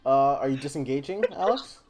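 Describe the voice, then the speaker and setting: A man narrating as game master of a tabletop game, animated and quick to laugh. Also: mid-range voice.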